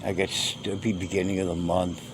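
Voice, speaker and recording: A man's voice: low-pitched, level tone, fairly quick. A man vlogging outdoors on a handheld phone, rambling and drifting off mid-thought before picking up again. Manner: meandering, trailing off and restarting. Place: outdoors among stray cats. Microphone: phone held in hand. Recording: phone audio with clear ambient noise.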